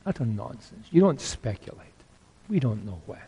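An older man preaching a sermon, earnest, repeating key phrases and swinging between loud exhortation and hushed asides. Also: mid-range voice, big pitch swings, moderate pace, creaky, slightly rough.

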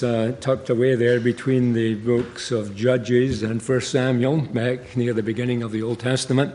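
Older man, pastor, measured prayer and Bible reading, mid-pitched, relaxed dark timbre. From Scotland. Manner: measured, earnest, with pauses and asides. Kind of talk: church prayer and scripture reading.

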